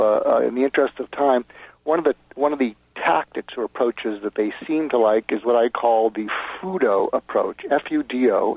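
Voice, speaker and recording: A man's voice: mid-range voice, vocal fry, slightly rough, dry recording. A man being interviewed as a guest author, explaining step by step and acting out sample lines over a phone line. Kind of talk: advice interview.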